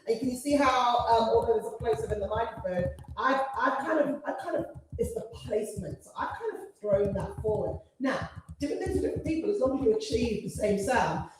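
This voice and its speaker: A woman leads a gospel singing workshop, breaking into sung phrases to show placement and laughing easily as she teaches. Her voice is mellow and fairly high. She is heard from across a large, very reverberant hall. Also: slight background noise. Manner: lively, demonstrates phrases by singing, laughs often. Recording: echoey hall, voice from far off the mic.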